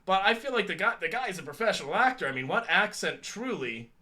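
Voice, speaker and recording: This podcast co-host in his thirties rambles and jokes through a casual chat show, laughing frequently. He talks fast in a high, very animated voice with a sharp tone.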